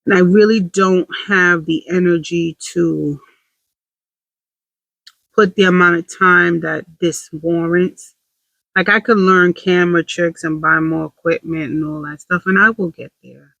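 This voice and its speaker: A woman's voice: fairly low pitch, steady tone, measured pace, vocal fry, fairly bright tone, dry recording, lo-fi sound. A woman talking candidly to camera in a casual confessional vlog, rambling with self-deprecating humor. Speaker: vlogger.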